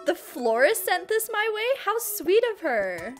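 A sweet, prim strawberry lady speaks politely but dismissively, as a woman puts her on for a cute video game. Her voice is high and lively. Light game music plays underneath. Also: measured pace, heavily acted.

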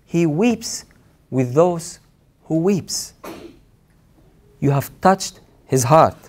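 A man's voice: on the high side, lively intonation, drawn-out words. Earnest man preaching a sermon. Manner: earnest, emphatic preaching with repeated phrases.

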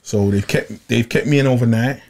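A young man, telling a long personal story in casual chat, animated and repeating himself, full of slang. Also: mid-range voice, normal speed, creaky. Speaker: podcast regular.

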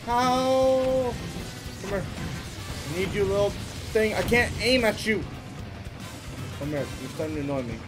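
A slightly high-voiced man talks through his game playthrough, getting excited and loud when things go wrong or right. Game music plays clearly behind his voice the whole time. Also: measured pace, pauses often. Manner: excitable, reacts loudly to gameplay. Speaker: gaming YouTuber. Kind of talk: let's play commentary.

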